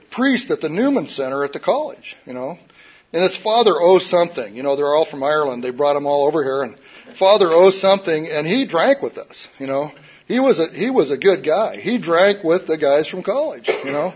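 A man's voice: fairly high pitch, animated, moderate pace, husky. A man telling a personal recovery story in a wry, self-mocking, rambling way, often saying "you know". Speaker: recovery speaker. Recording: dull lo-fi recording.

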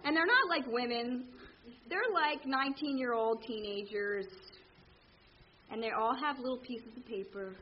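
A woman telling her recovery story to a meeting, candid and animated, acting out the people in it. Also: on the high side, measured pace, dull audio, a little hiss or hum. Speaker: speaker sharing at a recovery meeting. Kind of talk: personal story told to a meeting.

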